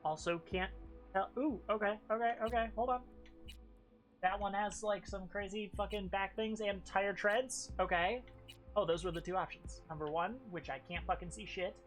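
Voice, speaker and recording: Woman streamer chatting thru a game, swears a lot, mid pitch, faint music behind. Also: steady tone, moderate pace. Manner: chatty, swears often, thinks aloud. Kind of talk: casual live game commentary.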